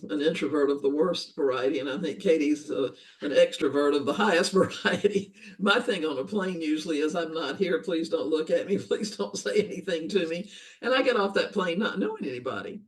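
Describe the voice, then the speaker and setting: A woman's voice: low-pitched, darkish tone, far from the mic, low-quality recording. Earnest older woman, a little off-mic. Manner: earnest, thoughtful, restates ideas in long lists. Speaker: guest, education author. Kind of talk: reflective interview conversation.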